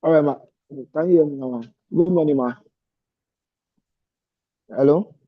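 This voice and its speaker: A fellowship student gives a hesitant update on an online call, his voice a little high and his pace a little slow. He fills the gaps with plenty of fillers, and the video-call audio sounds dull and lo-fi.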